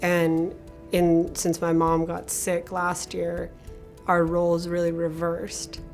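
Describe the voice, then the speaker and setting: Low, creaky woman speaking haltingly. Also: monotone, darkish tone, soft background music. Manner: halting, reflective. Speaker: patient. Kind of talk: documentary interview.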